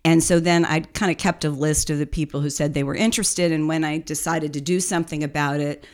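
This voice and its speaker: A woman co-hosting a business podcast tells her story in a chatty, relaxed conversation, dropping fillers and light laughs along the way. Her voice is deep, with fairly even intonation and a slightly fast pace.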